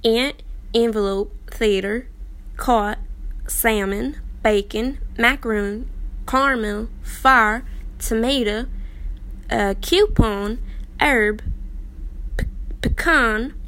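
A woman's voice: a little high, slow, long pauses, fairly bright tone, rough recording. A woman reading a word list in a put-on, stereotypical Southern US accent.

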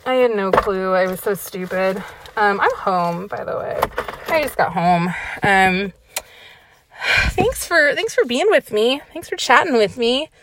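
Animated young woman vlogging from her car. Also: medium pitch, measured pace. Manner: swearing, self-mocking, laughing often. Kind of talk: casual storytelling while driving. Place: inside a car.

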